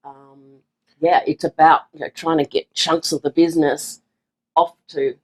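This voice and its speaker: A woman's voice: sits low, flat delivery, measured pace, rough recording. Aussie woman chatting away, lots of um and you know. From Australia. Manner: chatty, many fillers and restarts. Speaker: online seller sharing her story. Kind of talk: casual interview.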